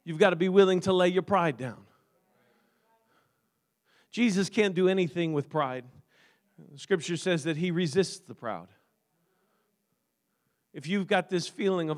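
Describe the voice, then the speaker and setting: Man, pastor, very high voice, fervent sermon, amens throughout, loud then hushed. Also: a little slow, pauses often. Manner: fervent call-and-response preaching with frequent amens, swinging from shouting to hushed. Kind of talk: preaching sermon.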